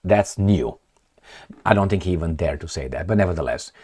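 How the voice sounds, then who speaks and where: A man's voice: sits low, animated, a little fast, darkish tone, husky. A man giving rambling, sarcastic political commentary on his own, swearing and laughing often.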